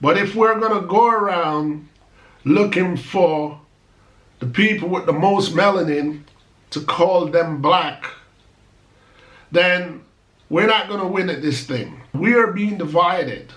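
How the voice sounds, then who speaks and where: A man delivers an emphatic, argumentative monologue to his channel's viewers and brushes off critics with rhetorical asides. His voice sits a little high for a man. The sound bounces around a roomy space. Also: slow pace, pauses often, a bit bright. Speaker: channel host. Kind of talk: opinion monologue to camera.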